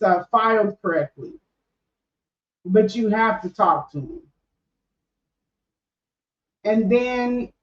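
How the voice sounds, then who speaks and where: A woman's voice: mid-range voice, far from the mic. A middle-aged woman who hosts a podcast, talking candidly and casually with frequent restarts. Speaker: podcast host. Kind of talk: casual livestream talk. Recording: echoey room, off-mic, dull sound.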